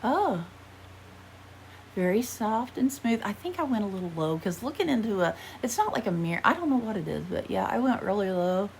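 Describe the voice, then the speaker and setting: This is an American woman rambling her way through a casual makeup haul vlog, poking fun at her own clumsy attempts. Her voice sits at an ordinary middle pitch but swings up and down in a lively way. A faint background noise runs under her talk. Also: normal speed, creaky. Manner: chatty, rambling, self-deprecating. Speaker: vlogger.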